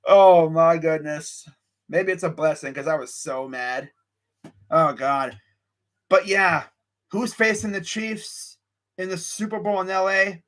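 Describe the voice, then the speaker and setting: A young man hosting a casual live-streamed sports show, talking his picks with excitable energy, sighing and laughing as he goes. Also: high-pitched, unhurried. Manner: excitable, animated, lots of sighs and laughs; reads live chat while talking.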